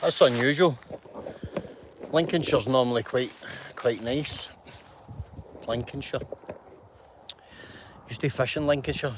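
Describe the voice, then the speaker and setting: A man's voice: medium pitch, a little slow, long pauses, a little hiss or hum. A man, hosting a casual live stream and greeting viewers by name in a rambling, chatty way, outdoors in a mountain glen on a phone.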